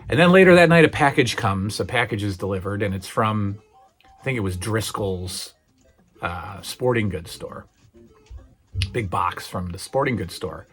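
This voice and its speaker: Middle-aged guy rambling about old tv, low husky voice, lots of uhs. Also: expressive, normal speed. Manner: rambling, earnest, many fillers. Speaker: channel host. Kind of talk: nostalgic casual chat.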